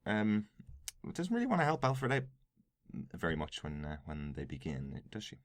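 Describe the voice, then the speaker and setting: A man's voice: low voice, huge pitch swings, moderate pace, dry recording. A man with an Irish accent co-hosting a podcast in a casual, chatty way, recapping scenes with lots of fillers and easy laughter. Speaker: podcast co-host.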